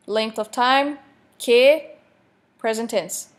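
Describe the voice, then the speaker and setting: A woman, a Portuguese teacher explaining grammar in a recorded online lecture, with joking asides and slowly read examples. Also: on the high side. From Brazil.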